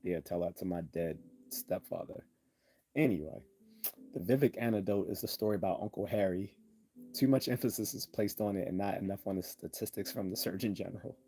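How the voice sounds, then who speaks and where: A man's voice: deep voice, fairly quick, dark tone, faint music behind. A man hosting a casual livestream lecture on logical fallacies, with sardonic asides and frequent ums. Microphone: desktop computer mic.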